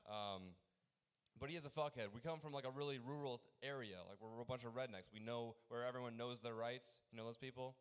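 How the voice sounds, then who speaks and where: A young man performing a rambling open mic stand-up set, halting often with fillers and restarts. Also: medium pitch, clear, resonant tone.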